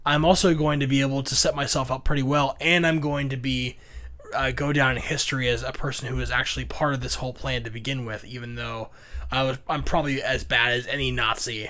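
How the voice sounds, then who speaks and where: A man's voice: mid-range voice, level tone, brisk, pushed and bright. A young man co-hosting a casual movie review chat, eagerly retelling the plot. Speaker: podcast co-host.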